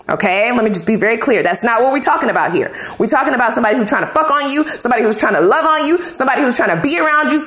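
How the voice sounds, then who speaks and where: A woman's voice: high-pitched, echoey room. A woman giving a casual tarot reading to camera, talking bluntly in heavy slang and swearing freely. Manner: blunt, profane, slangy and animated. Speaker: tarot reader.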